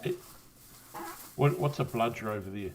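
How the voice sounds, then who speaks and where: A man's voice: fairly low pitch, moderate pace, a little hiss or hum. A man with a New Zealand accent chatting casually on a stream, rambling, swearing and laughing often after a drink. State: had a drink. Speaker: guest on a livestream. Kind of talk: casual chat.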